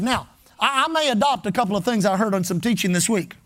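A man's voice: extremely high pitch, fast, a bit bright. A man preaching a sermon as pastor, driving his points home with emphatic repetition.

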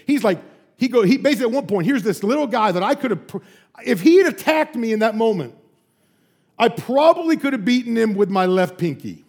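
High voiced preacher guy telling stories in a sermon, animated, lots of asides. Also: breathy edge. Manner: animated storytelling, frequent asides. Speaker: pastor.

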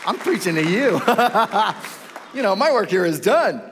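A middle-aged man preaches a sermon to a live congregation. His voice is high and very animated, and it leaps up and down as he acts out the quoted voices. It is recorded in a large church hall with a long, ringing reverb. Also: unhurried, a crowd in the background, background noise. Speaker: pastor.

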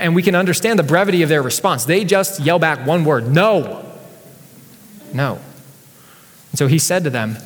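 A man's voice: fairly high pitch, a bit bright. Male pastor, conversational sermon delivery, lifts his energy on scripture readings; long hall reverb. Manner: conversational, reads scripture aloud with rising energy.

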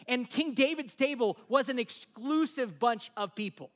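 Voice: mid-range voice, expressive, moderate pace. A preacher giving a sermon in a casual, conversational storytelling way, turning to listeners with asides.

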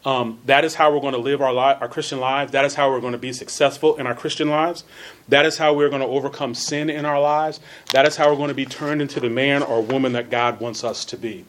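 This man's mid-range voice is steady and fairly bright, with a little hiss or hum in the background. He teaches a church Bible class earnestly, repeating phrases for emphasis and reading scripture slowly with stressed words.

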